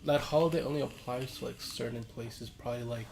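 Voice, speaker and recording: A man's voice: medium pitch, steady tone, brisk, vocal fry, darkish tone. A young man co-hosting a casual podcast chat, laid-back and hedging his opinions. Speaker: podcast co-host.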